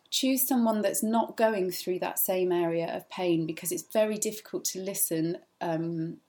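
A woman with a slightly low voice gives an informal teaching talk at church. She speaks earnestly and casually, pausing often on "um" as she tells personal stories. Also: warm tone. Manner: earnest, conversational, many filler ums.

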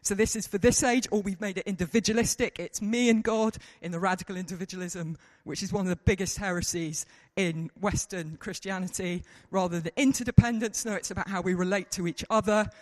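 A man preaching a lively sermon to a congregation, joking at his own expense. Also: sits high, a little fast, few pauses. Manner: lively, self-mocking, mimics people in quotes. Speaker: pastor. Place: church hall. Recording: reverberant hall.

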